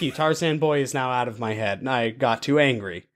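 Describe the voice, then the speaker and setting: A man's voice: medium pitch, brisk. A young man co-hosting a podcast, telling comic stories in casual chat. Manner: animated storytelling with quoted banter. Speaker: podcast co-host.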